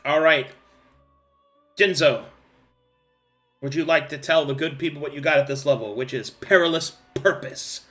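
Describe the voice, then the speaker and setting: A man's voice: a little high, moderate pace, long pauses, fairly bright tone, faint music behind. A man acting as game master, playfully guiding a player through a level-up in a tabletop game. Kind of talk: running a tabletop game session.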